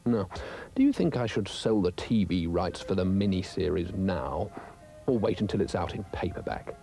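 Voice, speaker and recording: A man's voice: low voice, lively intonation, normal speed, warm tone, soft background music. A man voicing a pompous, self-important male dog who muses loftily about writing his memoirs. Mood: lofty. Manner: lofty, self-satisfied musing.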